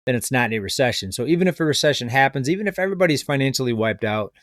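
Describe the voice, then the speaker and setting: A man's voice: mid-range voice, animated, rapid-fire, a bit bright, no room sound, studio quality. A man giving casual video commentary on the economy, skeptical and rambling, addressing viewers as folks. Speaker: finance commentator.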